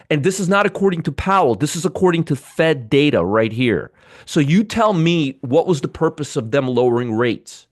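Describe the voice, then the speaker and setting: A man's voice: a little high, lively intonation, normal speed, no room sound, clean studio sound. A man hosting a live trading show, giving blunt, sarcastic market commentary and bantering with chat viewers. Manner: blunt, swears freely.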